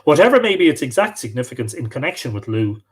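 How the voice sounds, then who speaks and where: A man's voice: medium pitch, sing-song, fast, breathy edge. A man hosting a live stream, reading passages from books aloud and breaking off for casual asides. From Ireland. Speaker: host.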